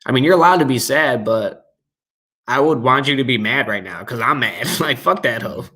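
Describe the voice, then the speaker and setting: A man's voice: medium pitch, expressive, moderate pace, pushed and bright, breathy edge. Blunt, profane man ranting casually. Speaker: podcast co-host. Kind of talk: casual chat recapping a show.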